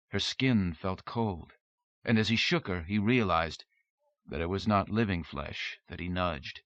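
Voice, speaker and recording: A male audiobook narrator reads in a steady, measured way. His voice is low-pitched and forceful, with a bright, hard edge. The close, dry recording is dull and lo-fi, like an old tape. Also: no echo.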